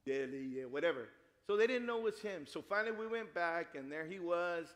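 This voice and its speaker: A middle-aged man preaching a sermon, telling a family story with lively acted-out dialogue. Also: a little high, fairly quick. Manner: animated storytelling, acts out dialogue. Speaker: pastor. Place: church sanctuary. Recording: long hall reverb.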